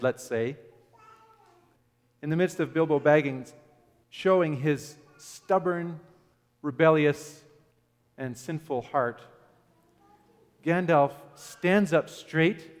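Man preaching in a reverberant hall. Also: a little high. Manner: conversational, asks the audience questions, some "uh" fillers. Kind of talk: sermon.

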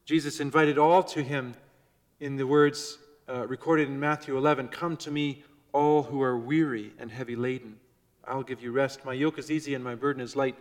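A man preaching a sermon to his congregation, measured and shifting between soft, gentle phrases and loud emphasis. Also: medium pitch, steady tone, big-room sound. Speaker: pastor. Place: church before a congregation.

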